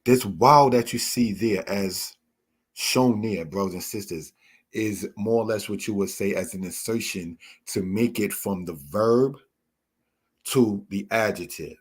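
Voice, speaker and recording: A man teaching a Torah lesson, explaining word meanings in a measured way and addressing his listeners as brothers and sisters. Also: on the low side, husky. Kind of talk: slow spoken Bible lesson.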